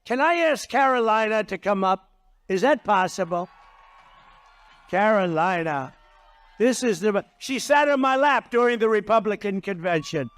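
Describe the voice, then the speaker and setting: A man's voice: high-pitched, expressive, normal speed, a bit bright. An older man giving a campaign rally speech, rambling and repeating himself with boastful asides. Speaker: political candidate. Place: political rally stage.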